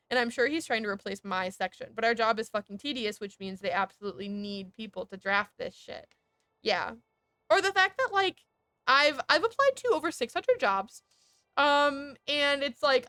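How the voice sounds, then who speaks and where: A woman streamer in casual, heated chat while gaming, animated and sweary, breaking into laughs. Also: mid-range voice, no echo.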